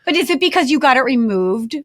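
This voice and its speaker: A woman with a high voice that swings widely in pitch co-hosts a podcast. She chats casually and bluntly, firing off quick reactions. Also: sing-song, fairly bright tone. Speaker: podcast co-host. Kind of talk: casual chat.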